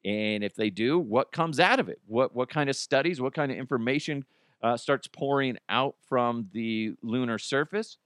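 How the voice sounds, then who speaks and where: A man's voice: medium pitch, moderate pace, no echo, studio quality. A man hosting a comedy podcast, rambling casually and laughing at his own jokes. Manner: rambling, self-laughing, animated. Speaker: podcast host.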